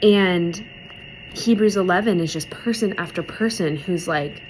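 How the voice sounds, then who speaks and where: A woman's voice: lowish voice, unhurried, a little mellow, slight background noise, rough recording. A young woman giving a casual, heartfelt devotional talk, emotional and close to tears, chatting with many "like"s. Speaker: speaker in a church devotional video series.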